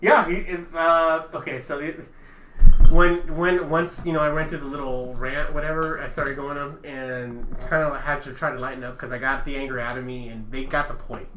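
A man's voice: fairly high pitch, normal speed. Profane, ranting man in an echoey room. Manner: profane, animated ranting storyteller. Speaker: podcast co-host. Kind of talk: casual chat. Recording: echoey room with clear noise.

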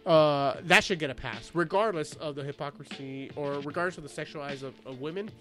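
Brief: fast-talking, slightly high Californian man, profane rambling storyteller, music underneath. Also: sharp tone. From Southern California. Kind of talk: casual chat.

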